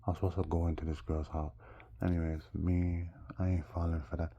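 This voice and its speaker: A man's voice: deep voice, level tone, a little fast, mellow, lo-fi sound, slight background noise. A man from Jamaica with a Jamaican accent, rambling through a casual story and calling his viewers "people". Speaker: vlogger.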